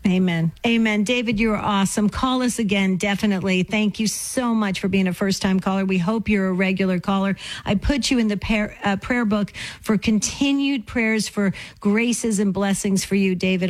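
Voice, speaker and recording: A woman's voice: mid-range voice, rough recording. Effusive woman hosting a call-in show. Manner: enthusiastic, effusive, quick asides. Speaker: radio show host. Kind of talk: call-in radio talk.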